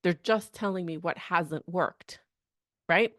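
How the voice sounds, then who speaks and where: A woman career coach talking in a podcast monologue, energetic and chatty, often asking "okay?" and "right?". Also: fairly low pitch, slow pace, no echo, clean studio sound. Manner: energetic, chatty, acts out quoted people, frequent "okay?" and "right?".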